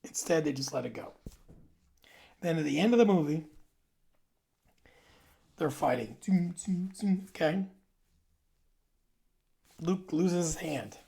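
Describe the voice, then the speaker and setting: Gravelly-voiced man in his forties. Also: a little high, expressive, slow pace, pauses often. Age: 40s. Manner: rambling, conversational, drops into soft asides. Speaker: video host. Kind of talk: casual monologue.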